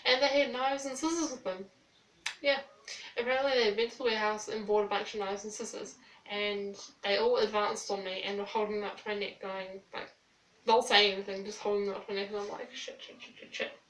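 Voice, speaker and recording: A young woman, quietly and hesitantly recounting a personal story with many fillers. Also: mid-range voice, level tone, a little fast. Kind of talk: storytime vlog. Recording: distant mic in echoey room with faint hiss.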